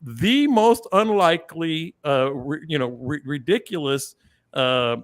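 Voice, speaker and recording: A man hosting a fishing podcast, telling a story in a relaxed, chatty way with lively jumps in pitch for emphasis. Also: takes it slowly, no room sound. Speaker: podcast host. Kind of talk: casual storytelling chat.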